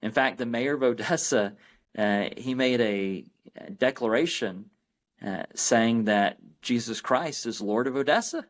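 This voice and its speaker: A man's voice: mid-range voice, a little slow. A man as a podcast guest, explaining earnestly and often restarting his sentences. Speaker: guest, anti-abortion campaign founder. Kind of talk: podcast interview.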